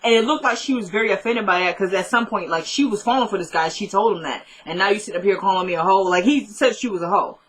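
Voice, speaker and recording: A woman's voice: medium pitch, quick pace, hardly any pauses. A woman casually retelling a TV episode, chatty and full of fillers like "like" and "she goes". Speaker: TV recap vlogger.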